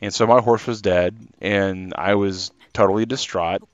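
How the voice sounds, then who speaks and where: Man streamer, casual rambling chat to viewers, low-pitched voice, slightly dull lo-fi mic. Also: fairly even intonation, moderate pace, no room sound. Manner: chatty and rambling, talking to chat. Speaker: streamer playing a game live.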